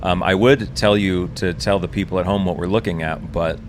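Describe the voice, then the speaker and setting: A man's voice: low-pitched, steady tone, normal speed. A man hosting a podcast from a ship's lounge, chatty and friendly. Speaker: podcast host. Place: lounge of a research ship at sea. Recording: hum of ship engines behind. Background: ship engine hum, faint music.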